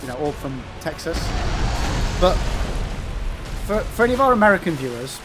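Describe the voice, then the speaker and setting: An English gaming streamer with a Midlands accent chats casually with viewers while playing, reading their messages, answering them by name, and swearing freely. His voice is on the high side and very animated at a normal speed, with music underneath.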